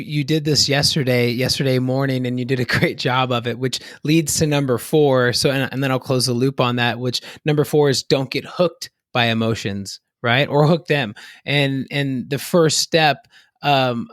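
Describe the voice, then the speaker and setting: A man's voice: mid-range voice, moderate pace. A man co-hosting a podcast in a casual, rambling way, often restarting his sentences and laughing lightly. His voice sits in an ordinary middle range. The sound is close and dry, with no room echo. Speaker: podcast co-host.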